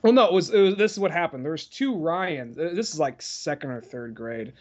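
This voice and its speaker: A man's voice: a little high, expressive, brisk, lo-fi sound. Rambling man telling a story. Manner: rambling, stop-start storytelling with lots of fillers. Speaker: podcast host. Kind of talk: casual chat.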